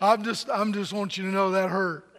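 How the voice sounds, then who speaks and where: A man's voice: high-pitched, steady tone, normal speed, big-room sound, background noise. A man preaching a sermon to a large congregation, joking and telling stories, with many repeated words. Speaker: pastor. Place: large church hall.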